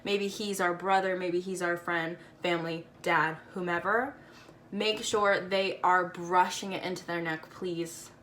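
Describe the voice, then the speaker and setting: A woman's voice: lowish voice, steady tone, unhurried, fairly bright tone, a little hiss or hum. A woman casually talking through a makeup tutorial, chatty and playful with slangy asides.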